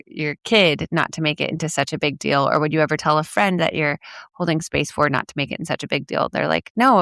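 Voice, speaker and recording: A woman's voice: low voice, vocal fry, a bit bright, dry recording, studio quality. A woman hosting her own podcast, talking casually as a coach, chatty with lots of "like" and "you know", laughing now and then. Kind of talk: casual solo podcast talk.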